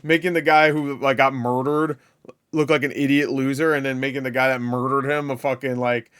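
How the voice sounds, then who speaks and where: A man's voice: medium pitch, level tone, a little fast, a bit bright, clean tone. Rambling, swearing movie reaction guy. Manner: rambling, profane, laughing asides. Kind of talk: casual reaction commentary.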